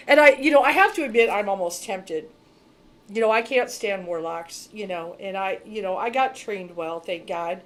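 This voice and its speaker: A woman's voice: medium pitch, moderate pace. Blunt, profane woman spiritual reader. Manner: blunt, profane, emphatic and animated. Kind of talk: casual monologue to camera.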